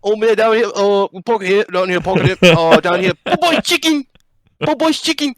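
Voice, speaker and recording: A man putting on the voice of an excited English man who reviews fast food, babbling in a high, garbled squeal. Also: dry recording, clean studio sound. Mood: mocking.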